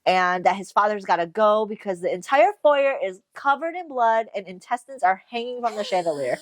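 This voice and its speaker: A woman co-hosting a podcast, retelling a story in casual chat, animated and swearing, laughing often. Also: medium pitch, moderate pace, dry recording. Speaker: podcast co-host. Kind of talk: casual book recap chat.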